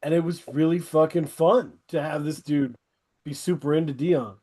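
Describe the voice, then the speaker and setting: A middle-aged male podcast host talks with a fairly high voice. He is loose and rambling and eagerly pushes new music on his guests in a casual interview chat. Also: moderate pace, dark tone. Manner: enthusiastic, rambling recommendations.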